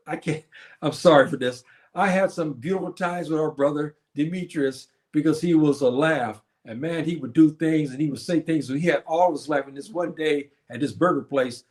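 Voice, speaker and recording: Older man, livestream host, casual chat, rambling, reminiscing, lots of fillers. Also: on the high side. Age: 70s.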